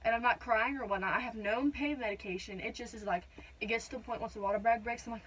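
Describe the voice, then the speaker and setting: A woman's voice: a little high, fast talker, fairly bright tone, slight background noise, low-quality recording. Chatty young woman vlogger. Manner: chatty, talks to viewers directly, fills with "da da da". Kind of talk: casual storytime.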